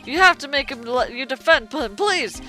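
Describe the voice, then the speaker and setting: A woman voicing an earnest, loyal male police detective from a game, folksy and loud as she reads his lines aloud. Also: high-pitched, lively intonation, normal speed, soft background music. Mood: pleading. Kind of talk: reading game dialogue aloud.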